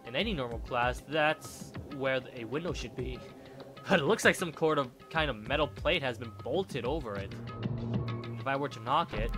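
A man's voice: medium pitch, natural voice. A man reading a game's dialogue aloud as a nervous teenage schoolboy, in an uneasy inner-monologue manner, over game music. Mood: puzzled. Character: nervous teenage boy, new student.

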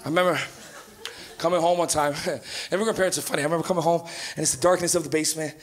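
A man in his thirties from Canada doing stand-up in a comedy club, loud and profane, acting out stories. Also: a little high, steady tone, very fast. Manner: loud, profane, storytelling with acted-out voices. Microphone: handheld stage mic.

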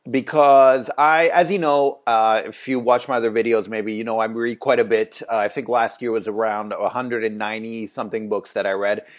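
A man's voice: on the low side, steady tone, normal speed, few pauses. A man who runs a translation agency, giving casual, rambling advice to camera, with frequent fillers and restarts. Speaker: translation agency owner, video host. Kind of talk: casual talking-head advice.

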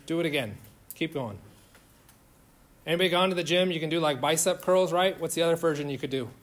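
A man's voice: a little high, fast. A man lecturing a chemistry class in an informal, joking way, firing questions at his students. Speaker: chemistry instructor.

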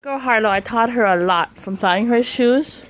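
A woman's voice: a little high, moderate pace. A woman in a casual home vlog, chatting straight to her viewers through a handheld camera. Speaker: vlogger.

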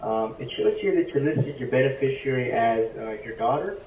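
A man's voice: medium pitch, expressive, moderate pace, reverberant, recorded from a distance, slight background noise. Blunt man on a tinny phone line. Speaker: insurance agent. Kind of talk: recorded sales call.

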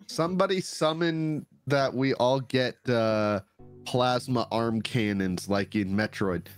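A man's voice: mid-range voice, takes it slowly, smooth, faint music behind. A man playing a tabletop game, laid-back and dry. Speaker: player. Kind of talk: casual tabletop play.

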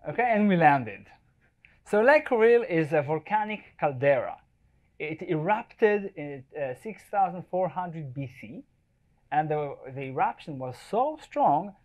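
A man's voice: sits high, animated, measured pace. Male presenter, photographer at a live event, casual and jokey, keeps asking the room if they follow. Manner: chatty, jokey, checks in with the audience. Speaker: wildlife photographer giving a talk. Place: event space before a live audience.

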